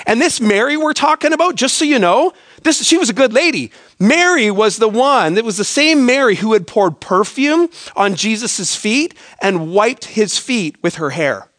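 High-voiced animated male preacher. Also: normal speed, few pauses, no room sound, studio quality. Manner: animated preaching, mimicking God in asides, dropping soft for stories. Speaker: pastor. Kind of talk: sermon.

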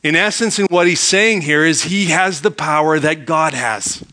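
A man's voice: on the high side, moderate pace, sharp tone. A man preaching a sermon as pastor, reading scripture aloud and then unpacking it with rhetorical questions put to his listeners.

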